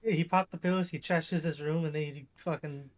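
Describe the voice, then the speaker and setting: Higher-voiced man recapping bluntly. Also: fairly even intonation, normal speed. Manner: blunt, casually profane recapping. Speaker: podcast guest. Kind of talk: casual movie discussion.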